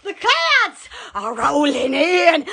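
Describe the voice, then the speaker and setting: A woman's voice: high voice, huge pitch swings, extremely slow, creaky, crowd noise. A woman hosting a live stream, rambling in silly fits of giggles and squealing exclamations into her phone.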